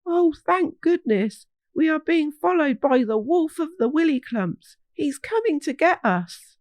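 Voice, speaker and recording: A woman voicing a group of young hog children in a storybook, calling out high, eager and breathless. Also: sing-song, measured pace, mellow, no room sound. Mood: anxious.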